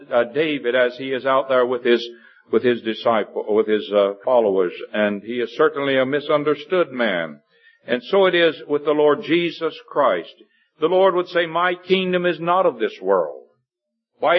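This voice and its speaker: Earnest guy preaching a sermon, lots of uh's, voice jumps up on the big points, dull lo-fi sound. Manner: earnest, rises in pitch for emphasis, many fillers. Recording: dull lo-fi recording.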